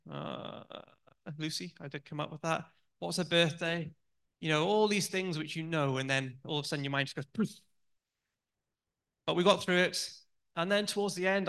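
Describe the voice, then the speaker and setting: A man's voice: on the high side, pushed and bright. A man in his thirties giving a sermon, telling personal stories in a chatty, candid way with many ums and restarts. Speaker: church speaker.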